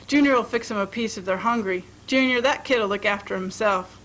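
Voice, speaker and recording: A woman's voice: mid-range voice, fairly quick, a bit bright, close to an everyday voice. A woman voicing a brash young wife running off, who talks in breezy, boastful folksy slang. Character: brash young woman fleeing her marriage.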